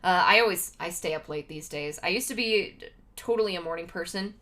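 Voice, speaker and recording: A woman's voice: fairly low pitch, a little fast, sharp tone. A woman livestreaming, chatting casually to her viewers with lots of fillers and laughs. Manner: laughs often between remarks.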